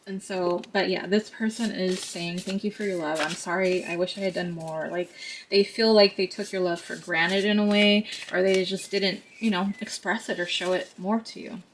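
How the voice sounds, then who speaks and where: Soft-spoken woman giving an emotional card reading. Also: on the low side, fairly even intonation, moderate pace, a little hiss or hum, poor audio. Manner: soft, emotional, near tears, laughing at herself. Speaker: tarot reader. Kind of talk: intuitive card reading to camera.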